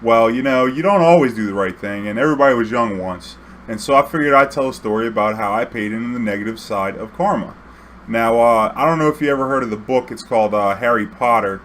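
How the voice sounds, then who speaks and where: A man's voice: medium pitch, quick pace, a bit bright, a little hiss or hum. A young man casually telling a story to his viewers, rambling and profane, full of fillers and acted-out quotes. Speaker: YouTube storyteller.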